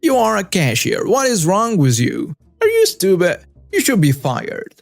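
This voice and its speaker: A man's voice: sits high, huge pitch swings, unhurried, vocal fry, soft background music, pitched above the performer's own voice, heavily acted. A man voicing a rude, entitled woman shopper who screams demands at a cashier. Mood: furious. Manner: shrieking, demanding, insulting.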